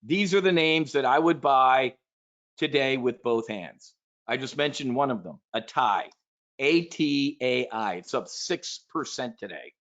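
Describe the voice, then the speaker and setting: A man's voice: medium pitch, animated, a little slow, fairly bright tone, lo-fi sound. A man giving an investing webinar talk, emphatic and salesy, speaking straight to his audience. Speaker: investment presenter.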